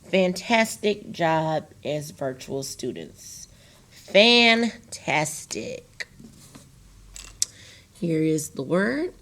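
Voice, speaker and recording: A woman teacher giving a recorded virtual phonics lesson, patient and repetitive, slowly drawing out words for her students. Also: deep voice, expressive. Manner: patient, repeats key phrases and stretches words out for students.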